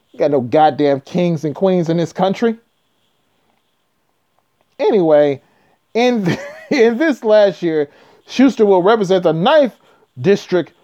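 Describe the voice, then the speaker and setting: High animated man with profane asides. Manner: reads news aloud with blunt, profane asides. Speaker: trucking video host. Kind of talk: casual commentary on news. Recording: dull lo-fi sound.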